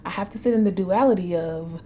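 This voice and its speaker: Casual: woman mid-30s, heartfelt vlogger, low warm voice, slips into near whispers. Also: fairly quick, slight background noise. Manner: earnest, emotional, addresses viewers as y'all, drops to soft whispers. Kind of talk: heartfelt personal talk to camera.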